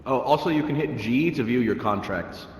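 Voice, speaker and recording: A man's voice: medium pitch, normal speed. Guy explaining a spell game to friends, echoey with a long tail, bit of noise. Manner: explains mechanics, jokey. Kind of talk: casual multiplayer game chat.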